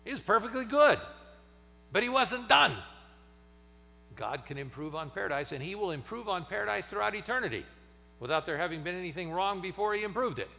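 A man preaching a sermon in a church, dramatic, swinging from loud emphasis to near-whispers. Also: high voice, lively intonation, a little fast, vocal fry, long reverb tail. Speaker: pastor. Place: church sanctuary.

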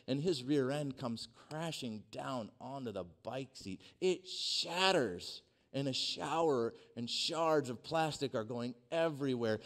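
A man in his forties preaching in a church, telling a personal story with humor and swinging from hushed, quiet passages to loud, energetic ones. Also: lowish voice. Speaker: pastor.

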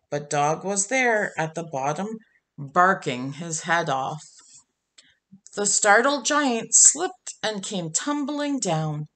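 A woman reading a children's picture book aloud, unhurried and gentle. She tells the story expressively, at a middling pitch. Her pace is slow and clear, made for young listeners. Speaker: storybook reader.

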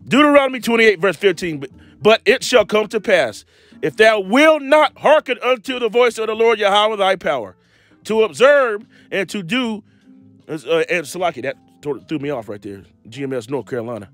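A man preaching an impromptu scripture lesson, reading verses slowly and mixing in street slang and blunt asides. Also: high voice, fairly bright tone, dry recording. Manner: preaching, reads scripture slowly and drawls key words; street slang, repeats himself, laughs at his own jabs.

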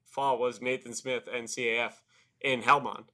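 A man's voice: medium pitch, level tone, normal speed, sharp tone. A man from Canada, a war veteran guest, talking bluntly and with a lot of swearing in a casual podcast chat. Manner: blunt, profane and sardonic.

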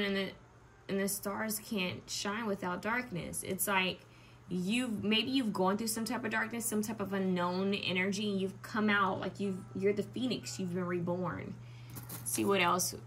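Tarot reader, young woman, mid pitch, thinks aloud in stops and starts. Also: pushed and bright, a little hiss or hum. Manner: musing, halting, with many restarts and ums. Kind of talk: pick-a-card tarot reading.

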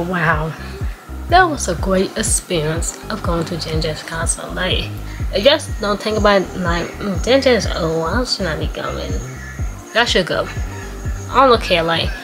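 Twenties girl from atl, excited casual vlog chat, music going in the back. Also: fairly low pitch, normal speed. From Atlanta, USA. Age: 20s. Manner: excited and chatty, addresses viewers as y'all. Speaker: vlogger.

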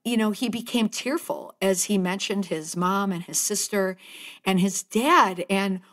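A woman's voice: medium pitch, measured pace, a bit bright. A woman hosting a podcast, giving conversational and heartfelt commentary and sometimes choking up. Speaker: podcast host and communications speaker.

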